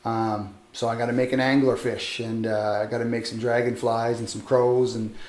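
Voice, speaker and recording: A man's voice: medium pitch, normal speed. Easygoing man talking in an echoey workshop. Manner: relaxed, rambling, self-deprecating. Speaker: metal sculptor. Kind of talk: casual interview. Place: metal workshop. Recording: roomy echo.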